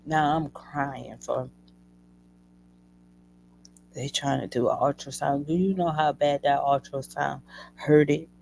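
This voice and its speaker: A woman hosting a show, telling a personal story to her listeners in an emotional, animated way. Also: deep voice, slow pace, gravelly, long pauses, slight background noise, poor audio. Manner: emotional, animated retelling addressing listeners as y'all. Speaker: host.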